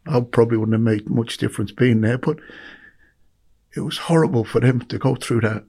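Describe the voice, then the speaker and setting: A man's voice: medium pitch, a little fast, darkish tone, breathy edge. A middle-aged Irish man, a podcast guest, telling stories in a heartfelt, emphatic way and repeating words for weight. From Ireland. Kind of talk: emotional storytelling.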